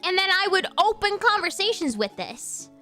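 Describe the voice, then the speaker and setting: A young woman streams from home, telling crude, rambling, playful stories with a high, bright voice. Soft music plays faintly behind her. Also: big pitch swings, normal speed. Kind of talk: casual stream chat.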